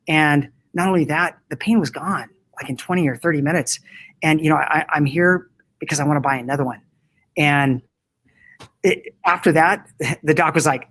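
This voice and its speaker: Male guest, eager and upbeat, pitched a bit high. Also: normal speed, fairly bright tone, low-quality recording. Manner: enthusiastic, laughs often, many restarts. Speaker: guest, company founder. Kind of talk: casual interview. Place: indoor room with air conditioning.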